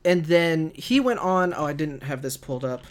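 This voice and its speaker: A man's voice: on the high side, expressive, normal speed. A man co-hosting a podcast, ranting hotly and swearing freely in casual chat. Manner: heated, profane ranting. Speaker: podcast co-host.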